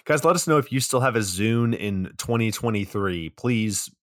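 A man with a low voice recaps a movie for a podcast, with a casual, loose delivery and offhand swearing. The sound is close and dry, with no room around it. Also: animated, moderate pace, dry recording. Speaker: podcast co-host.

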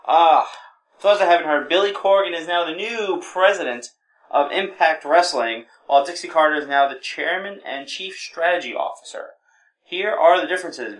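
A man's voice: on the high side, a bit bright. A man co-hosting a podcast, laid-back and teasing, reading out news items in casual chat. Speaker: podcast co-host.

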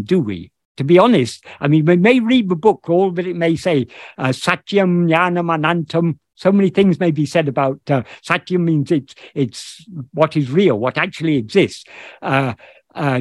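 Male spiritual teacher, British accent, lively rising and falling delivery, video-call talk, careful and halting. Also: sits high, no room sound, clean studio sound. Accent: British English. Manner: thoughtful, searching for words with many restarts. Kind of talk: explaining scripture in an online meeting.

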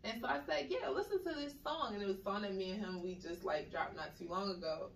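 A woman in casual chat, telling dream stories in a slangy, animated way and acting out the voices she quotes. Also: lowish voice, fast. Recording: echoey room, mic at a distance.

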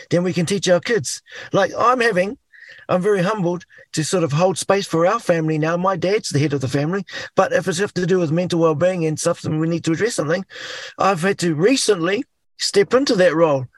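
A middle-aged man with a New Zealand accent, a guest talking in an animated way and acting out inner voices. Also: high voice, fairly quick, dry recording. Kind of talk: casual chat.

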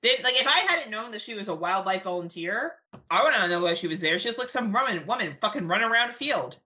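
A young adult woman co-hosting a podcast in casual chat, blunt, profane and animated as she rants. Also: medium pitch, fast talker. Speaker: podcast co-host.

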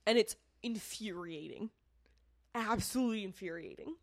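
A woman's voice: mid-range voice, normal speed, dry recording. A woman co-hosting a casual true-crime podcast, talking frankly and with indignation, swearing and laughing often. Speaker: podcast co-host. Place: not from the area where the show is made.

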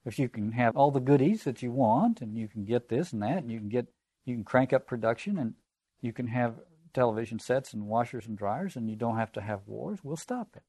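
A man's voice: mid-range voice, a little fast, mellow, breathy edge, no room sound. Guy lecturing on a novel, thoughtful and rambly, dry close sound. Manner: reflective, digressive, conversational asides. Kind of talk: literature lecture with read-aloud passages.

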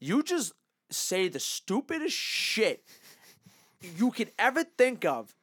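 A young man chatting casually on a podcast, animated and slangy, swearing freely. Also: high-pitched, slow, dry recording, studio quality. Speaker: podcast co-host. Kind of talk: casual chat.

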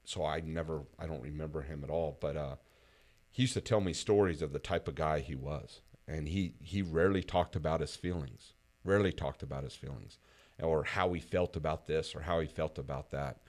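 A man's voice: very deep voice, fairly quick, darkish tone. A man hosting a casual conversation, talking reflectively with frequent fillers.

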